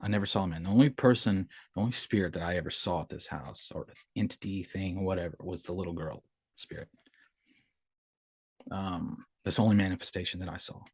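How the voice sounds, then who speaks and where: A middle-aged man tells his own haunted-house experiences in a casual, rambling way, restarting sentences and acting out quotes. His voice sits very low. The recording is close and dry with no room sound. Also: fairly quick, darkish tone, husky, dry recording. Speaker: podcast host telling his own experiences. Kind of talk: casual storytelling.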